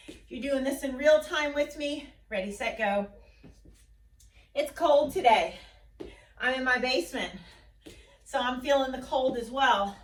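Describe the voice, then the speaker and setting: A woman's voice: sits high, distant mic, a little hiss or hum. A woman leading a home interval workout, cheering and counting down the seconds, recorded in a basement. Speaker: fitness instructor. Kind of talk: coaching a workout class. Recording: roomy echo, voice a bit off-mic.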